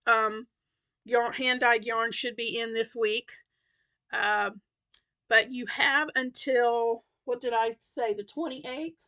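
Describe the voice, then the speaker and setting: A woman's voice: a little high, bright, forceful tone. A woman chatting casually on her crochet vlog, rambling with lots of fillers and restarts, sounding tired. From Tennessee. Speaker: crochet vlogger. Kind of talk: casual chat.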